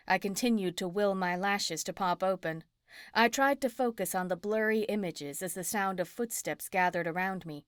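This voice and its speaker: A woman narrating an audiobook in the first person, in an even storytelling manner. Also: mid-range voice, normal speed, clear, resonant tone, no room sound, clean studio sound.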